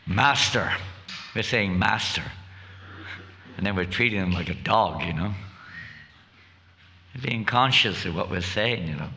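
A man's voice: low-pitched, a little slow, long pauses, sharp tone, slight background noise. A man giving a scripture class at a temple, chatty and joking, who keeps asking his audience questions.

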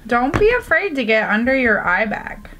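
A woman's voice: fairly high pitch, big pitch swings, normal speed, fairly bright tone, slight background noise. A woman vlogger chatting casually through a makeup tutorial, joking about her own mistakes. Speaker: beauty vlogger.

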